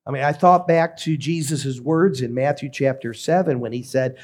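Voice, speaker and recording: A man who is a pastor, preaching a sermon in a measured, emphatic way with deliberate pauses. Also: medium pitch, darkish tone.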